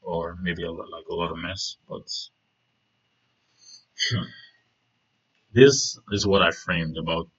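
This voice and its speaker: A man's voice: low-pitched, fairly even intonation, slow pace, pauses often, husky, dull audio. A man casually talking through trading charts, rambling with many fillers and "right?" checks. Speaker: trading video host.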